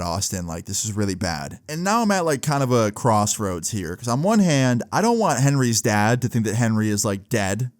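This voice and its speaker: A man's voice: mid-range voice, no echo. A young man in the middle of his voice, spinning a casual storytime with an easy, slangy, swear-laced delivery. He talks loosely with lots of filler, and the sound is close and dry with no room around it. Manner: laid-back, filler-heavy with frequent "like" and swearing. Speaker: vlogger.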